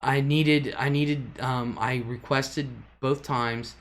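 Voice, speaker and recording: A woman's voice: a bass voice, steady tone, takes it slowly. Rambling woman telling stories on stream. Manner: rambling, chuckling anecdote-teller. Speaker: live stream host. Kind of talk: casual storytelling chat.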